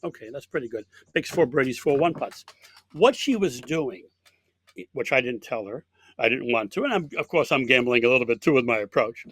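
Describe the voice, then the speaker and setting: A man's voice: mid-range voice, animated, brisk, fairly bright tone, breathy edge. A man who coaches college golf, telling an anecdote in an interview with many fillers and restarts. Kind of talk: storytelling in an interview.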